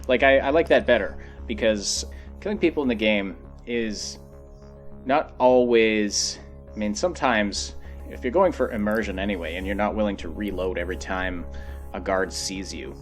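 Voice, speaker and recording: Young male guest, lower voice, halting game chat over faint music. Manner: hesitant, restarting phrases. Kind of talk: casual game discussion.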